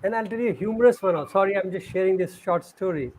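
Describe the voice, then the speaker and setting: A man's voice: sits high, fast talker, low-quality recording. A man, telling stories in a casual talk and acting out the quoted speech. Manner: animated storyteller, acts out quoted speech. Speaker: host sharing stories. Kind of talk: conversational storytelling.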